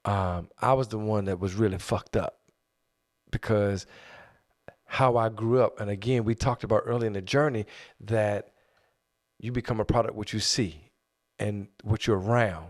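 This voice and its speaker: Man, middle-aged, casual podcast talk, loud, profane, talks over others. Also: on the low side, normal speed. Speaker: podcast co-host.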